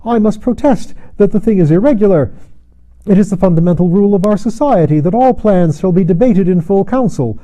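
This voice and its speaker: A man's voice: high voice, brisk, warm tone, muffled recording, pitched above the performer's own voice, close to an everyday voice. A man voicing a nervous, fussy secretary who speaks shrilly and sharply. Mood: agitated.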